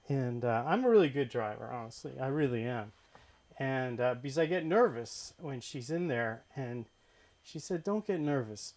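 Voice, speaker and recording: A man from Boston doing open mic stand-up, halting and hesitant with deadpan punchlines, on a comedy club stage mic. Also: medium pitch.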